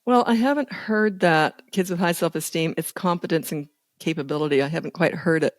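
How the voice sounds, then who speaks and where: A woman's voice: lowish voice, brisk, no room sound. Candid woman in her sixties, dry sound. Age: 60s. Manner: candid, self-deprecating, laughs often. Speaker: parenting guest. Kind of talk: casual podcast interview.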